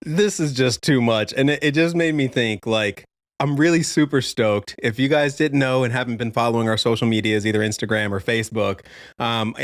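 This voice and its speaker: A man's voice: mid-range voice, dry recording, studio quality. A man co-hosting a music reaction video, chatting casually and laughing often. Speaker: reaction channel co-host. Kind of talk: casual chat.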